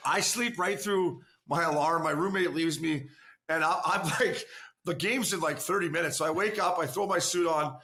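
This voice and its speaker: A man's voice: fairly high pitch, unhurried, bright, forceful tone. A man appearing as a podcast guest who tells a profane story while laughing and acting out the quotes. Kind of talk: casual storytelling.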